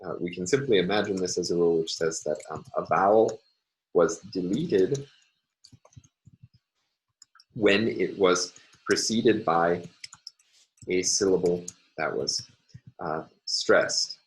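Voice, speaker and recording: Deep-voiced guy lecturing slow and careful, lots of uhs and ums. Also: poor audio. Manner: measured, halting, many fillers. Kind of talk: university phonology lecture.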